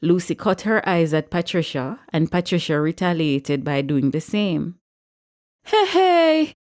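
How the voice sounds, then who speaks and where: A woman, reading a story aloud in a measured, expressive way. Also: low-pitched. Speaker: audiobook narrator.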